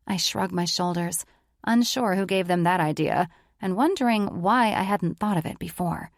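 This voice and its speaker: Woman narrator, first-person romance audiobook, somewhat low voice, gravelly, dry close mic. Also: normal speed, no room sound. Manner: intimate, emotive first-person reading.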